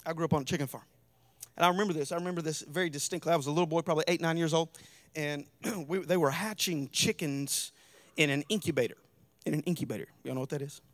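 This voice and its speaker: A middle-aged man with a Southern US accent preaching a sermon in a church, building to fervent shouted peaks. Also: fairly high pitch, fast, no echo. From American South. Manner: preaching with rising fervor and shouted climaxes. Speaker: pastor.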